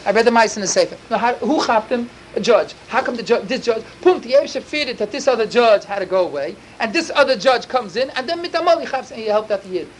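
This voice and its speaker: Fast-talking man telling a story with inflection. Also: extremely high pitch, lively intonation, slight background noise, poor audio. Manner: rapid, breathless, full of Yiddish and Hebrew words. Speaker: storyteller for children. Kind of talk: animated storytelling.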